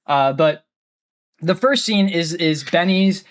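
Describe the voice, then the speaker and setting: A man's voice: fairly high pitch, slow. A man co-hosting a podcast in casual chat, rambling and self-deprecating, laughing often. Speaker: podcast co-host.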